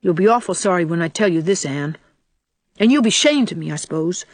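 A woman voicing a small, anxious, earnest boy in a quick, pleading, higher voice. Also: lively intonation, no room sound.

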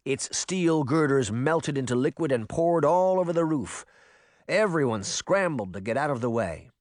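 A man narrating a fantasy audiobook in an expressive reading voice. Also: on the high side, moderate pace, no echo, studio quality. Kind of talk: scripted narration.

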